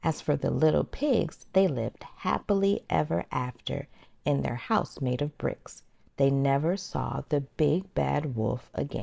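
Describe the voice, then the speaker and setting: A woman hosting a children's circle time, gently and expressively reading a storybook aloud to toddlers. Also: deep voice, unhurried, creaky, faint music behind.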